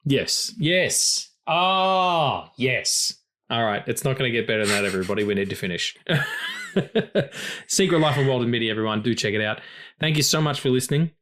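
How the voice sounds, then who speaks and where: A man's voice: mid-range voice, huge pitch swings, normal speed, a bit bright, a little hiss or hum. A man hosting a film podcast in casual chat, rambling and philosophizing with frequent swearing. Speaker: podcast host.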